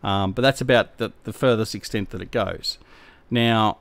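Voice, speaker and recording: A man's voice: on the low side, normal speed, gravelly, a bit bright, no echo. A middle-aged Australian man chatting casually on a game live stream, rambling and slangy as he answers his viewers. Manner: laid-back, rambling, slangy.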